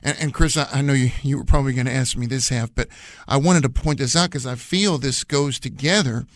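Speaking a little fast in a mid-range voice, this radio co-host and Bible teacher talks earnestly during a Bible study broadcast, driving his points home through repetition. The audio has no room sound.

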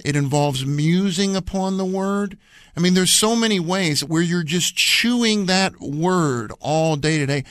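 A man's voice: fairly high pitch, no room sound, studio quality. Earnest, emphatic male Bible teacher. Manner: earnest, emphatic, repeats phrases for stress. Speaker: radio program co-host and Bible teacher. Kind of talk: radio Bible study discussion.

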